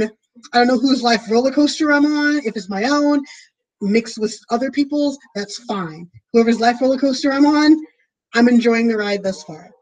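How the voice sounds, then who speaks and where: Casual female streamer, a touch high-pitched, rambling and friendly to camera. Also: poor audio. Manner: rambling, chatty, many fillers. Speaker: streamer planning a tabletop game. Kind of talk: casual chat to viewers. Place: at home.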